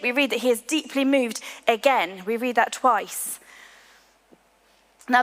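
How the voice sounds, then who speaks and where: A woman preaching a sermon to her church, earnest, slowing to a hushed voice on key lines. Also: high voice. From England. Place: large church hall. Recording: long hall reverb.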